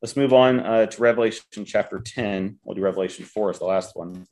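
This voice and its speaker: A man's voice: fairly low pitch, brisk, a little mellow. A man leading a Bible study, reading scripture aloud and explaining it verse by verse. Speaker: Bible teacher.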